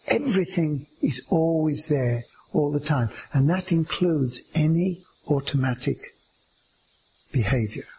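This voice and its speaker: A man giving a slow, meditative teaching talk about staying aware in each moment, drawing out his words gently. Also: a little high, slight background noise, low-quality recording.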